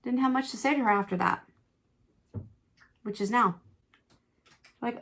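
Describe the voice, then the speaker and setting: A middle-aged woman chatting through a makeup tutorial, candid and quick to exclaim, telling a personal story as she works. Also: a little high, fairly bright tone. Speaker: beauty vlogger.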